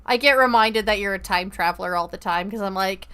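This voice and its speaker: Bright-voiced chatty woman streamer. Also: medium pitch, lively intonation, brisk, few pauses, clean tone. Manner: chatty, profane, rambling. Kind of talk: casual gaming-stream chat.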